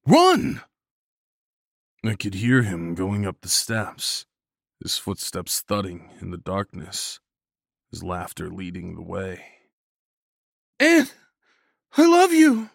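A man narrating a horror story in a grave, scripted reading with measured pauses. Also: deep voice, a bit bright, no room sound, clean studio sound.

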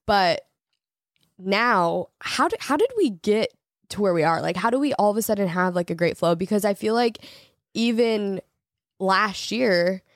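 A woman's voice: mid-range voice, lively intonation, a little slow, no room sound, clean studio sound. A young woman co-hosting a casual chat with her husband, talking loosely with many fillers and frequent laughs. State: pregnant. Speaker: co-host, married creator couple.

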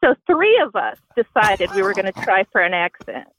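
A woman's voice: mid-range voice, big pitch swings, normal speed, a bit bright. A woman calling in to a comedy advice podcast, telling her story in a playful way with laughter. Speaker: caller. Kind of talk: casual chat. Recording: muffled phone line.

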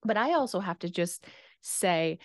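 A woman hosting a podcast, talking in a chatty, animated way with lots of fillers over a video call. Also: lowish voice, measured pace, no room sound, clean studio sound. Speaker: podcast host. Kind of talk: casual interview chat.

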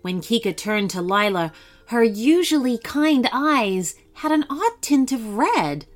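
A woman reads a bedtime story aloud at a slow, unhurried pace, her voice rising and falling with lively expression. Soft music plays faintly behind her. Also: a little high. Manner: slow, expressive, dramatic reading. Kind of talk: children's story narration.

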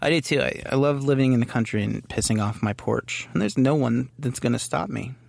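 Gravelly New man, crude joker. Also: mid-range voice, fairly quick, dry recording. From New York City. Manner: crude, joking, excitable. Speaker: podcast co-host. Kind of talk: casual comedy chat.

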